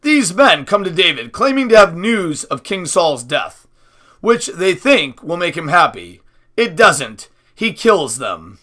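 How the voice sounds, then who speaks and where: A man voicing a quiet, reserved older frontier father who speaks solemnly and earnestly. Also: sits high, very animated, a little slow, heavily acted. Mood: wry.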